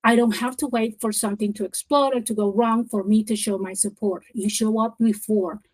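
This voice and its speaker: A woman presenting a professional development webinar in a lively, encouraging coaching manner, stressing key words and repeating them for effect. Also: fairly high pitch, fairly quick, husky, rough recording.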